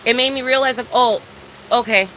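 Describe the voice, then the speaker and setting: Young woman, bright voice, confessional live-stream rant, emphatic, repetitive, faint background noise. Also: a little high, a little fast, rough recording. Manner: confessional and emphatic, heavy swearing, repeats herself. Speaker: livestreamer. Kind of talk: casual live-stream monologue.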